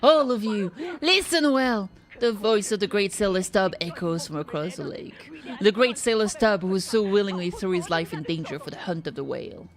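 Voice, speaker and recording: A woman's voice: normal speed, few pauses, natural voice. Woman doing a grandiose obsessed sea captain. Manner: grandiose, booming speechmaking.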